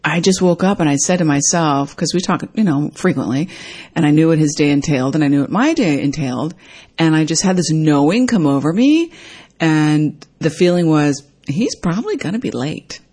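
A woman's voice: normal speed, husky. A woman telling a personal story in a casual, reflective way, acting out what people said with sudden jumps in her voice. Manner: animated, acts out quoted dialogue with big pitch jumps.

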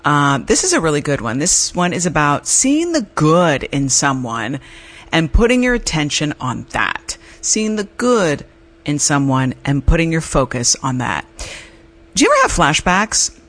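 A woman's voice: deep voice, sing-song, measured pace, a bit bright. A middle-aged woman hosting an advice podcast, telling a personal story in a chatty, candid way. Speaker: podcast host. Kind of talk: casual advice monologue.

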